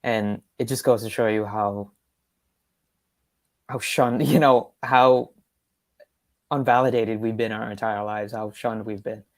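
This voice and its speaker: A woman's voice: extremely low pitch, steady tone, a little slow, pauses often, a little mellow. A woman on a video call speaking in a thoughtful, earnest way in a panel discussion. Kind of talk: casual discussion.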